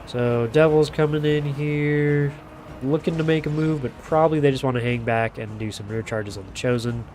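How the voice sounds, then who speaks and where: A man's voice: mid-range voice, steady tone, fast, darkish tone. A man giving casual, rambling live commentary on a strategy video game, with lots of fillers and self-corrections. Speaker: game caster. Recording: audible background noise.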